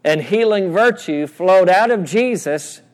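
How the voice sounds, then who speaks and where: Preaching pastor in a reverberant church. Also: male voice, high-pitched, animated, a little slow. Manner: preaching with call-and-response, repeating phrases. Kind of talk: sermon. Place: church sanctuary. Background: congregation responses.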